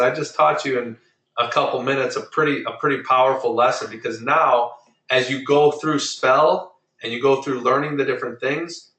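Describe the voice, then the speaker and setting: Male teacher, bright voice, drills pronunciation patiently; roomy, distant recording. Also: mid-range voice. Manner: patient, explains rules step by step, drills pronunciation. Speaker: Spanish teacher. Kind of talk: online class lesson.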